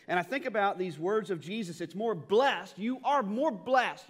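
A male pastor giving a conversational sermon, often repeating words as he restarts sentences and swinging between quiet and loud. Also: sits high. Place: church sanctuary. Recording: long hall reverb in a church.

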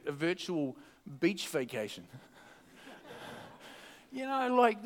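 Man pastor with a high voice who preaches casually at a church service. He is chatty and jokey and keeps restarting his sentences. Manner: chatty and joking, with many restarts. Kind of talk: casual sermon. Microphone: microphone.

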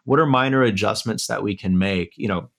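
With a lowish, creaky, fairly bright voice and a slightly fast pace, a man being interviewed as an author and educator lays out his points in order. It's a conversational interview set in the Durham area, and he sounds earnest and thoughtful.

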